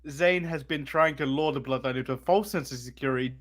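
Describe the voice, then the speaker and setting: A man's voice: mid-range voice, fast talker. A man co-hosting a casual podcast, chatty, laughing often and acting out quotes as he recaps. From England. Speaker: co-host.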